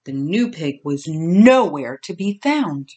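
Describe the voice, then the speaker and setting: Older grandmother reading a bedtime story, gentle, slow, lively pitch. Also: slightly rough. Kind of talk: reading a children's story aloud.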